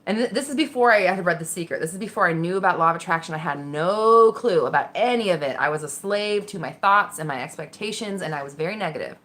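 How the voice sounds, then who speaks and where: A woman telling a personal story casually, candid and animated, swearing freely and acting out the voices in her head. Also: fairly low pitch, quick pace, hardly any pauses. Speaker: vlogger.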